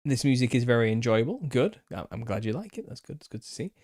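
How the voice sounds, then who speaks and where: A man's voice: medium pitch, very animated, quick pace, darkish tone, no echo, clean studio sound. A man with a Northern English accent, hosting a casual live Q&A, rambling and chuckling as he answers viewer comments. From England. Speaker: channel host.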